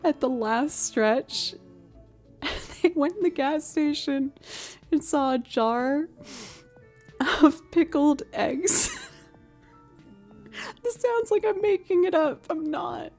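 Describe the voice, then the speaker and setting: A woman musician chatting on her live stream at home, telling stories with frequent laughter and cooing softly to her pet. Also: high voice, slow pace, long pauses, soft background music. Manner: animated, laughing often while telling stories; soft and cooing when talking to her pet. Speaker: musician livestreamer. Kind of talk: casual storytelling chat on a live stream.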